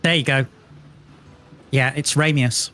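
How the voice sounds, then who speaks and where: A man's voice: mid-range voice, steady tone, takes it slowly, pushed and bright. A man chatting casually while gaming, an amused trivia buff on a headset mic. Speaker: co-player.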